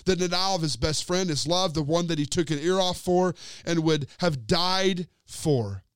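A man preaching a sermon and retelling a scripture story, talking straight to his listeners and letting his sentences sink to low, quiet endings. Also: moderate pace, clean tone, no room sound, studio quality. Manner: addresses listeners directly as friends.

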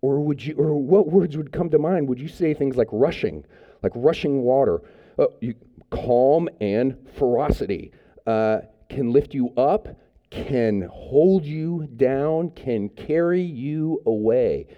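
A man's voice: medium pitch, lively intonation, slow pace, highs cut off. A man preaching a sermon as pastor, speaking in a conversational way with frequent fillers and restarts.

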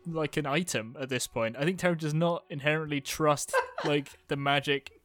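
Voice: mid-range voice, moderate pace, a bit bright, no room sound. A player in a tabletop game, joking and laughing while talking.

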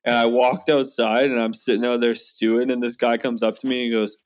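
A man's voice: medium pitch, flat delivery, brisk. A young man telling an angry story in casual chat, swearing often and acting out both sides. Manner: profane, heated storytelling.

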